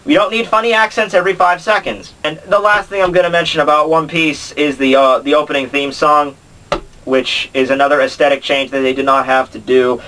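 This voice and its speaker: Guy ranting about cartoon dubs, kinda sarcastic, lots of ums, bright tense voice, sounds a bit away from the mic. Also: on the high side, steady tone, brisk, distant mic, poor audio. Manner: exasperated, sarcastic, filler-heavy. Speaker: anime commentary host. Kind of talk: casual ranting commentary.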